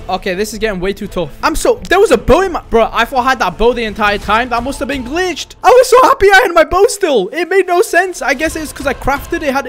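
A young man giving frantic, exclamatory commentary while playing Minecraft. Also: extremely high pitch. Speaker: Minecraft YouTuber. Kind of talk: excited gameplay commentary.

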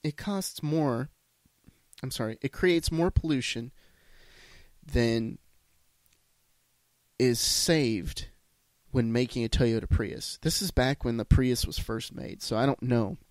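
On a solo podcast, a man rants bluntly, swearing a lot and restarting his sentences. His medium-pitched voice moves slowly with long pauses, and there's no room sound.

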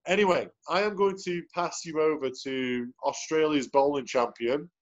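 Speaking at a moderate pace in a slightly high voice, a man hosts a motivational sales team call and cheerfully welcomes each person one by one. The recording has the dull, lo-fi quality of video call audio.

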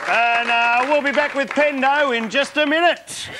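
Male host, high pitched, loose stammering banter. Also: fairly even intonation, normal speed, a loud crowd, very noisy. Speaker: talk show host. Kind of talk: casual TV chat.

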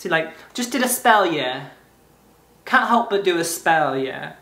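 A man's voice: a little high, animated, measured pace, vocal fry, bright, forceful tone, voice pushed down, heavily acted. A man voicing a cheeky British pub-goer in a mock English accent, tagging "yeah" onto his lines. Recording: roomy echo.

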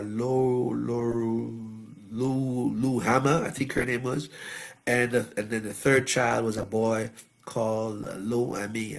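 A man, a bishop, preaches at a Bible study. He talks in an animated way, tells funny stories, and puts in frequent amens and shouts of praise. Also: medium pitch, gravelly. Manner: humorous, anecdotal. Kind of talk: sermon.

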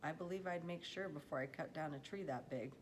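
A woman voicing a kindly farmer dad, slow and calm, low steady voice, storybook reading. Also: a little hiss or hum, lightly acted. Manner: slow, calm, gently reassuring. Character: kindly, patient farmer father, middle-aged man.

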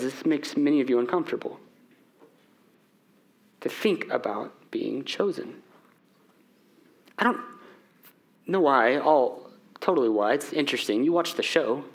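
A middle-aged man preaching a sermon as pastor in a church, talking conversationally and asking the room rhetorical questions. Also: fairly high pitch. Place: church sanctuary.

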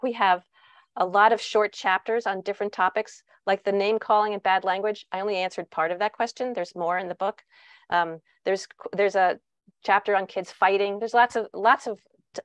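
A woman's voice: medium pitch, dry recording. Woman parenting author on a video call, dry close sound, midrange voice. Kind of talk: online talk with Q&A.

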